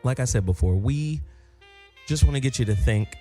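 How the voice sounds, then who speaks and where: A man's voice: medium pitch, lively intonation, moderate pace, dark tone, faint music behind. A man hosting a casual radio talk show, loose, joking and profane as he wraps up the hour.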